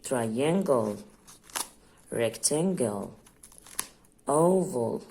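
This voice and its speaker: A woman's voice: expressive, extremely slow, mellow, slight background noise. A woman with an Egyptian Arabic accent demonstrating a children's English activity book, asking questions and answering them herself as the child. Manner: plays both teacher and child, asking then answering in a lower voice. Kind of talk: home teaching demo, Arabic mixed with English.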